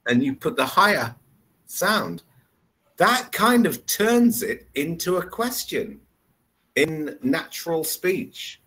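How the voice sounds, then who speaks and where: Slow, lively-voiced male English tutor. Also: a little high. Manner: patient, explains step by step. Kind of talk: one-on-one online lesson.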